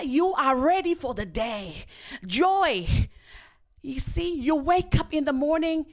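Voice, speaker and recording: A woman preaching a sermon at a church service, reading scripture and explaining it slowly and deliberately. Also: high voice.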